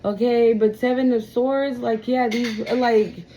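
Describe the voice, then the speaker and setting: A woman's voice: on the high side, steady tone, measured pace, dark tone, muffled recording, slight background noise. A woman giving a casual tarot reading to her viewers, blunt and emphatic, swearing freely and calling them y'all. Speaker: tarot reader.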